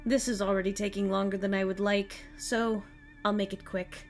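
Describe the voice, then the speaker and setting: A woman voicing a calm, menacing female assassin who speaks in a matter-of-fact way. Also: medium pitch, moderate pace, faint music behind, lightly acted. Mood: cold menace. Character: cold, businesslike female assassin.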